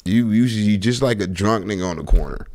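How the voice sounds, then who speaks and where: A man streaming a reaction to a video, talking in an animated, slangy way and laughing often. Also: lowish voice, fairly quick, a little hiss or hum. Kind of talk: reaction commentary.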